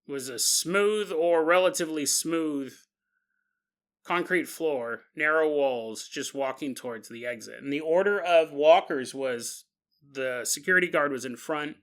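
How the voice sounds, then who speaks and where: A man hosting a paranormal podcast, telling a strange story in a casual, animated way with chuckles and conversational asides. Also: on the high side, a little slow. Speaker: podcast host.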